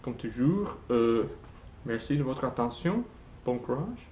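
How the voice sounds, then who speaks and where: A man teaching a French lesson, explaining slowly, saying "okay" a lot and repeating each model phrase twice. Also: medium pitch, animated, muffled recording, a little hiss or hum. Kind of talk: classroom lesson.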